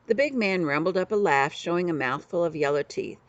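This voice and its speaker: An older woman, a grandmother, reading a children's book aloud with expressive storytelling. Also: on the low side, a little fast, hardly any pauses, no room sound.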